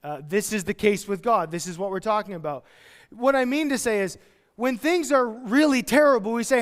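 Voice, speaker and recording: A man preaching from the pulpit, his voice pitched high for a man and smooth, resonant. He teaches with animated delivery, acting out everyday voices. The sound carries a long church-hall reverb. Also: normal speed. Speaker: pastor. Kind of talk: expository sermon.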